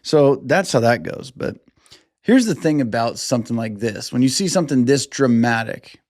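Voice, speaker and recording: A man hosting a sports podcast in casual, profane commentary, acting out players in quick put-on voices. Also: mid-range voice, animated, a little mellow, dry recording. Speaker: podcast host.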